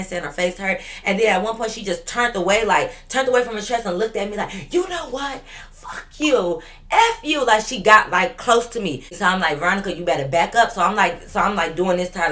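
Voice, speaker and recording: A woman's voice: mid-range voice, fairly quick, few pauses, pushed and bright. A young woman vlogger telling a story in a casual storytime, talking straight to viewers and acting out what other people said.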